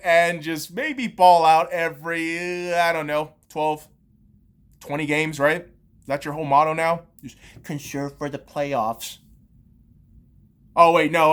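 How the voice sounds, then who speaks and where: A woman podcast host, in her thirties, on a heated and profane sports rant full of sarcastic jabs. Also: on the low side.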